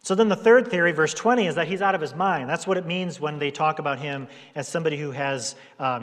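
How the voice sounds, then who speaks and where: A man preaching a sermon as a pastor, talking in a relaxed conversational way and briefly putting on voices for the people in his story. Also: on the high side, quick pace, hardly any pauses. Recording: long hall reverb.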